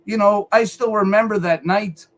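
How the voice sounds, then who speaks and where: A man with a somewhat high voice rants on a live stream. He talks heatedly and swears often. He keeps circling back over his own words. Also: fairly even intonation, moderate pace, rough recording. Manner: heated, profane, repeats himself. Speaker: featured speaker on a live call-in show. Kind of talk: angry rant on a live stream.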